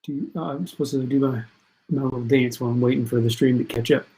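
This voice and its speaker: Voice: medium pitch, fast talker, warm tone. A parent hosting a casual online quiz stream for students, chatting and reading out players' answers and scores. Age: adult parent.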